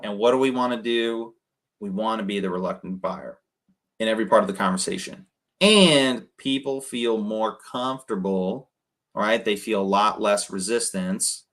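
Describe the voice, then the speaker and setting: Low-voiced man coaching casually. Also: normal speed, a bit bright. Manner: conversational, keeps adding "right?". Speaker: real estate wholesaling coach. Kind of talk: casual live coaching between phone calls.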